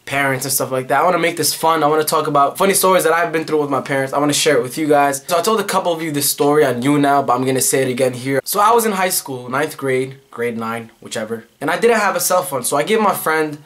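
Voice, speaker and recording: A young man in his twenties telling comic stories in an animated vlog rant. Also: on the high side. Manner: animated, fast-talking, acts out quotes. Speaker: vlogger.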